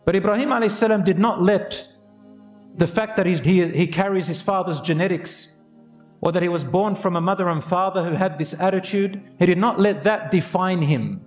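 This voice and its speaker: A man preaches an earnest radio sermon in a somewhat high voice, urging his listeners on and weaving Arabic phrases into his English. The room sounds echoey, with soft music underneath. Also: moderate pace. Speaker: imam giving a talk.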